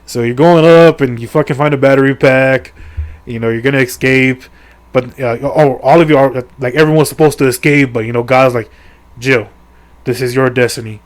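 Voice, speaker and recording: A man's voice: mid-range voice, fairly even intonation, fairly quick, smooth. A middle-aged man casually recapping a video game's story, rambling with crude jokes, heavy swearing and lots of fillers. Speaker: gaming video creator.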